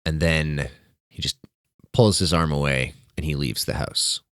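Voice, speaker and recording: A man narrating as game master of a tabletop horror game, relaxed and full of asides. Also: rumbling low, measured pace, dry recording, studio quality.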